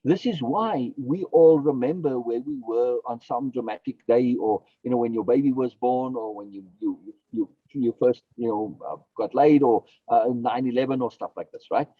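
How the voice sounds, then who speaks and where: A man's voice: medium pitch, moderate pace, hardly any pauses, no echo, narrow, tinny audio. A man, a philosophy guest on a podcast, explaining his ideas emphatically, repeating key phrases and asking and answering his own questions.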